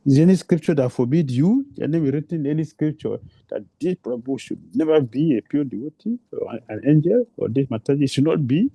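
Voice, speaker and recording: Man preaching a devotional talk, super dark mellow voice, dry close sound, keeps repeating himself and firing off questions. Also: fairly high pitch, animated, fairly quick, hardly any pauses, breathy edge, no echo. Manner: repetitive, emphatic, rhetorical questions. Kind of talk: devotional lecture.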